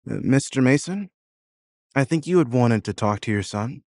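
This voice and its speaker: A man's voice: medium pitch, expressive, normal speed, darkish tone, no echo, clean studio sound, voice pushed up, lightly acted. A man voicing a polite, hesitant young woman in an audio drama.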